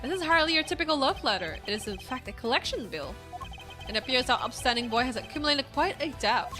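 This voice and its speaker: A woman voicing a cool, logical male investigator who confronts suspects in a measured, cutting way for a video game. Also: sits high, expressive, over music. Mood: accusing.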